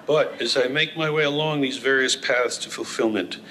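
A man reading a humorous personal essay aloud in a wry, deadpan manner. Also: mid-range voice, normal speed, heavy background noise.

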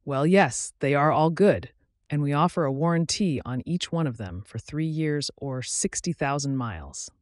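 A man reading the part of a friendly, talkative older motorcycle salesman in a story, with an easy sales-pitch manner. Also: animated, moderate pace, no room sound, studio quality, natural voice. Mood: chatty.

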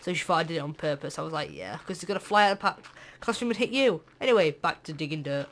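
A teenager with a British accent chatters through a let's-play at an ordinary middle pitch. The delivery is jokey and excitable, drifting into sing-song bits and sudden loud yelps. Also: fast, a little hiss or hum. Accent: British English. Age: teens. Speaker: gameplay channel host. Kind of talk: let's-play gameplay commentary.

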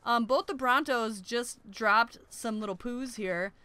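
Young woman let's-play host, high bright voice, excitable and giggly. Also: measured pace, clean tone. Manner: excitable, shrieks and laughs at in-game danger. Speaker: gaming YouTuber.

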